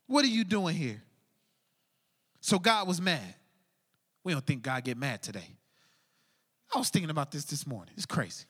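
A man preaching a lively sermon, swinging from shouts down to near whispers, full of casual slang. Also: fairly high pitch, normal speed, pauses often, breathy edge, long reverb tail. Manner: energetic, shouting and dropping to a hush, casual slang. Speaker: pastor.

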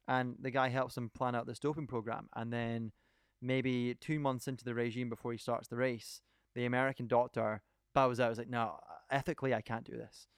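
A man's voice: medium pitch, level tone, normal speed, clear, resonant tone, no room sound, studio quality. A man co-hosting a podcast, enthusiastically retelling a documentary in casual chat, rambling from point to point. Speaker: podcast co-host.

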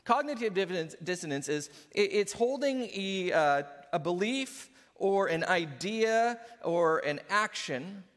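A man preaching a sermon in an animated way, often laughing and acting out what people say. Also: high-pitched, a little slow, few pauses. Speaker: pastor. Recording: hall reverb.

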